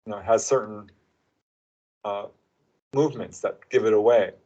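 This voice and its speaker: Guesting on an interview show as an author, a man with a lowish voice chats casually at a normal speed, animatedly telling anecdotes and acting out the quotes. The recording sounds muffled.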